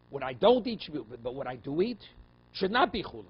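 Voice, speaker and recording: A rabbi teaches a Talmud class, reading out Aramaic passages and explaining them in English while often checking in with "okay?" and "right?". His male voice sits in the mid-range with big pitch swings, a fast pace, and a breathy edge. The recording is slightly dull, with faint room noise.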